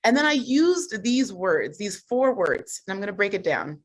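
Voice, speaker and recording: Woman, coach, group video call, animated storytelling, mid pitch. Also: moderate pace. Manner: animated storytelling with frequent laughs. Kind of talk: motivational group call talk.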